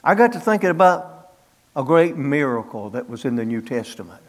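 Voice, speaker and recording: A man's voice: medium pitch, big pitch swings, normal speed. A middle-aged man preaching a sermon in a folksy storytelling way, acting out biblical dialogue in plain country speech.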